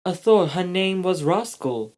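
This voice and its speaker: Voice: mid-range voice, lively intonation, unhurried, darkish tone, pitched above the performer's own voice, close to an everyday voice. A storyteller voicing an eager young boy who speaks up in a raised voice.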